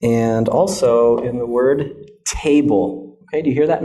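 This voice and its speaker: A man's voice: medium pitch, a little slow, mellow. A young American man teaching English pronunciation in a classroom lesson, patient and checking in with a frequent "okay?".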